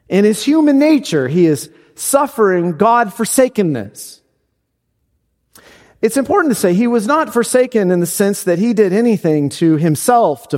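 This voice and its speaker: A man preaching a sermon as pastor, slow and deliberate, climbing to high emphatic peaks. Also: a little mellow. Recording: long hall reverb.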